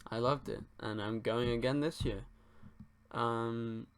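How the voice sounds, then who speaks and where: Speaking slowly in a smooth, medium-pitched voice with fairly even intonation, a young English man answers viewers' questions on his livestream. His manner is laid-back and rambling, with casual swearing.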